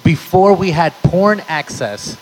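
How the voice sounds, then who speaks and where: A man's voice: on the high side, expressive, takes it slowly, a little hiss or hum, rough recording. A young man doing a stand-up comedy set, telling punchy, profane stories to a live audience. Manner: brash, profane, punchy storytelling. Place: live show venue with audience.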